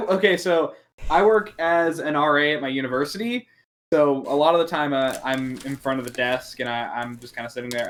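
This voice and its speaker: A podcast guest tells a story in casual chat. The voice is mid-pitched and often breaks into laughter, with swearing along the way. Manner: laughing, swearing anecdote teller.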